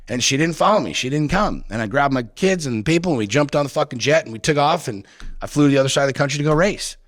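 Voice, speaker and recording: A man's voice: a little high, expressive, fast, no room sound, studio quality. A middle-aged man casually telling a story on a podcast, swearing freely and getting heated when he retells arguments. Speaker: podcast guest.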